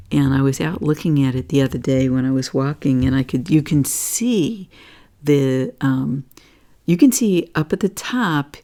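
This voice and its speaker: Low mellow-voiced woman going over energy charts, rambly and earnest, keeps saying okay. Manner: rambling, full of fillers and "okay?" check-ins; earnest, gets emotional. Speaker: astrology and energy reading host. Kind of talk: casual spiritual talk over charts.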